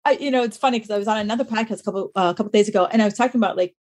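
A thirtysomething woman from the US East Coast, a trainer appearing as a podcast guest, speaks rapid-fire in a medium-pitched, darkish voice. She animatedly tells a personal story in a casual interview, acting out the quotes.

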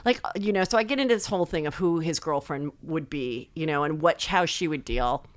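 A middle-aged woman, a comedian, telling animated stories full of fillers and swearing, acting out other people's voices. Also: low-pitched, brisk, no room sound. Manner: many filler likes. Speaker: guest comedian. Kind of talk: casual storytelling chat.

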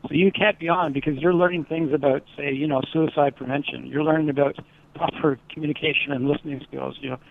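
Male teacher, slightly high, gravelly, dry phone-line sound, earnest and rambling. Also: fairly even intonation, fast, slight background noise. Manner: earnest, rambling with many fillers. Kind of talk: casual interview talk.

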